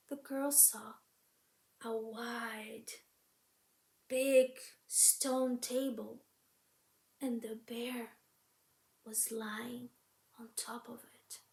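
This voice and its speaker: Woman storyteller; high, slow, whispery fairy-tale telling, roomy echo. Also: a little mellow. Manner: slow, dramatic, drops often into a whisper.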